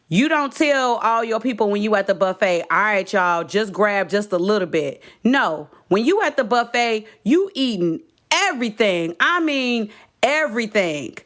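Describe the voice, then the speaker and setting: A middle-aged woman with hosts her podcast in a relaxed storytelling monologue. She talks straight to her listeners as "y'all", animated and chatty, with a medium pitch. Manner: animated, addresses listeners as y'all, laughs while telling. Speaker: podcast host.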